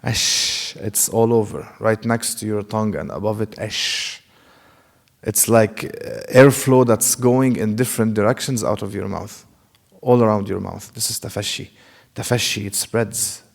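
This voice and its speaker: A male teacher with a low, gravelly voice gives a classroom lecture in a mosque hall with a long echo. He talks slowly and patiently. He sounds out examples himself and poses rhetorical questions to the students. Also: a little mellow. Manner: explanatory, demonstrates letter sounds, asks rhetorical questions. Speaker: Quran recitation teacher.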